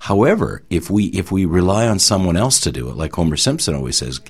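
A man's voice: low-pitched, very animated, brisk, breathy edge. A man speaking earnestly and persuasively as a panelist, rambling a little as he makes his point. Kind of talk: opinionated panel discussion.

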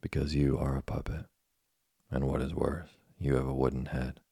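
Man doing a calm, wise old cricket for a sleep story; very deep, husky, unhurried. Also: no room sound, clean studio sound, exaggerated voice. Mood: calm, admonishing.

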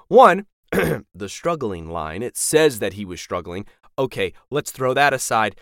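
A man co-hosting a podcast retells scenes with a bouncy, animated delivery. His pitch swings freely up and down. The recording is dry and close, with no room sound around him. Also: normal speed, no room sound. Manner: animated storyteller, chatty, swearing. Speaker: podcast co-host. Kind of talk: casual chat recapping a TV episode.

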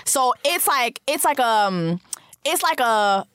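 A woman of Caribbean background trades casual podcast banter in a high voice whose pitch leaps around a lot. She explains things with animated, laughing energy, and the recording is close and dry. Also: takes it slowly, clean tone, dry recording. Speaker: podcast co-host. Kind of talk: casual chat.

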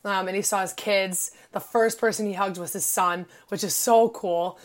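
A woman in her twenties from Illinois, co-hosting a casual podcast and talking in an excitable, gushing way with lots of "like" fillers. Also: medium pitch, moderate pace. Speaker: podcast co-host.

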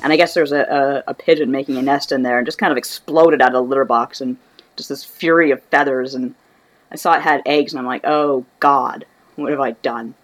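A woman's voice: very deep voice, fairly even intonation, quick pace, faint music behind. A woman co-hosting a casual podcast chat, rambling with many fillers. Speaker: podcast co-host.

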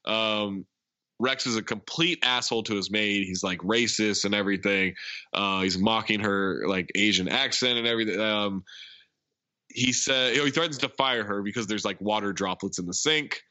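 A man's voice: lowish voice, moderate pace, bright, forceful tone, no echo, highs cut off. A man hosting a podcast, casually recapping a film as a chatty storyteller who acts out the lines. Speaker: podcast host.

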